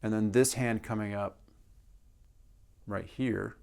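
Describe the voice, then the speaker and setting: Guy giving a snare drum lesson, explains each step, counts beats out loud. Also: on the low side, fairly even intonation, slow, vocal fry. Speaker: drum teacher. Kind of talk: instructional demonstration.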